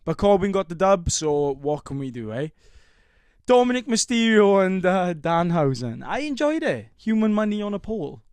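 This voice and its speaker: A young man co-hosting a podcast, talking in an animated, sweary, bantering way. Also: high voice, normal speed, clean tone, no room sound. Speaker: podcast co-host. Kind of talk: casual chat.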